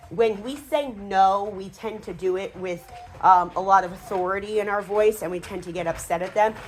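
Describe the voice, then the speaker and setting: A woman dog trainer talking casually through a hands-on training demonstration, with fillers and quick asides to the dog. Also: medium pitch, a little hiss or hum.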